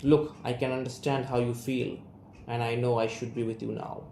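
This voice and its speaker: A young man with an Indian English accent voicing a guarded, estranged son and writer, reading a play aloud in a measured, restrained way. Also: medium pitch, level tone, gravelly, dark tone, natural voice. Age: young adult. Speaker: student reader. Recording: roomy room, faint hiss.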